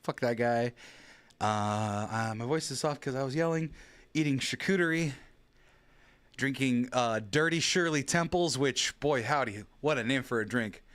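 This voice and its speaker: A man hosting a casual show, hoarse and out of breath from yelling, rambling and joking. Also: medium pitch, a little slow. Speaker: podcast host. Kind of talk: casual chat.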